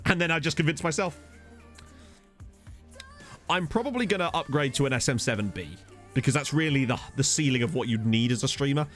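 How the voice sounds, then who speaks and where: Man, live streamer, casual chatty banter, animated pitch, mid-range voice, desk condenser mic. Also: a little fast, long pauses, soft background music. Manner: chatty, jokey, answers viewers' chat. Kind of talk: casual live-stream chat while playing a football management game. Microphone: desk USB condenser microphone.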